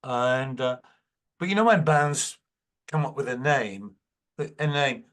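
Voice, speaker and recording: A man's voice: medium pitch, lively intonation, unhurried, fairly bright tone. Older manchester guy chatting in an interview, spinning stories, does little voices for people. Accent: Manchester English. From England. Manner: anecdotal, acts out quotes. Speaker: guest musician. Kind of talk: casual interview chat.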